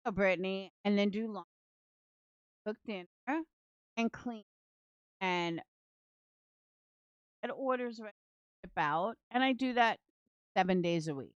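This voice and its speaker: A woman's voice: mid-range voice, measured pace, long pauses, clear, resonant tone, no room sound, lo-fi sound. A woman doing casual livestream commentary from home, blunt, profane and sarcastic toward her targets. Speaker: true crime commentary streamer.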